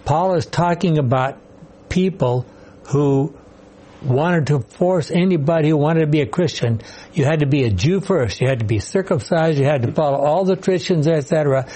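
A man's voice: a little high, normal speed, warm tone. A man leading a Bible study group, calling on readers and breaking in with his own comments. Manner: calls on readers, interjects with comments and corrections.

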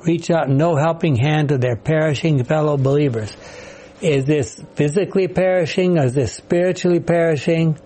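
Mellow-voiced man leading a Bible study. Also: a little high, moderate pace, poor audio. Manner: questioning, explanatory, calls on readers. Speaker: Bible study class leader.

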